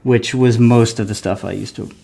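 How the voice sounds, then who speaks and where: A man's voice: medium pitch, normal speed, creaky, soft background music. Laid-back man giving brief replies. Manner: relaxed, brief responses. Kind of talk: casual chat.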